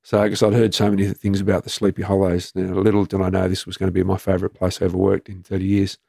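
A middle-aged Australian man speaks in a low, flat voice with a rough, gravelly edge. He tells his story as an interview guest, matter-of-fact and halting. The sound is close and dry. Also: dry recording. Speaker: former police commander, guest.

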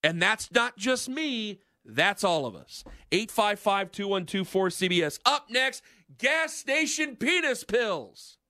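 High-voiced fired-up sports radio host. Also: male voice, expressive, unhurried, hardly any pauses, sharp tone, no echo, studio quality. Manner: emphatic, ranting, fired-up. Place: radio studio. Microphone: studio microphone.

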